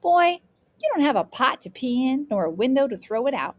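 A woman's voice: high voice, very animated, fairly quick, voice pushed up. Woman voicing a stern folksy grandmother. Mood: scolding. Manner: scolding, folksy. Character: stern proverb-quoting grandmother, loving.

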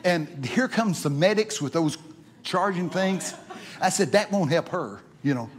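Folksy preacher man, excitable storytelling. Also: sits high, measured pace. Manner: folksy, repetitive, rising to excited exclamations. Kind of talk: sermon with storytelling. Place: church.

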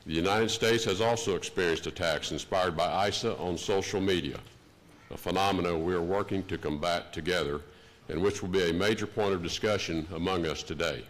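A man in his sixties with a Texan accent giving a formal prepared speech at a conference, measured and deliberate. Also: low voice. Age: 60s. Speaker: diplomat giving an opening address. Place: conference hall.

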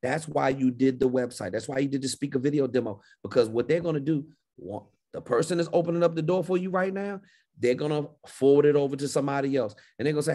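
A man's voice: mid-range voice, fast talker, dark tone. A man coaching a caller on a livestream Q&A, confident and emphatic, often repeating phrases. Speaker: speaking business coach.

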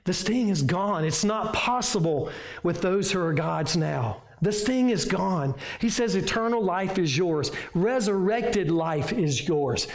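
A man's voice: high voice, expressive, a little slow. A man with a Southern American accent preaching a sermon from the pulpit, in a folksy way that builds up emphatic repeated lines. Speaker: pastor. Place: church sanctuary. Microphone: room microphone. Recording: echoey church room.

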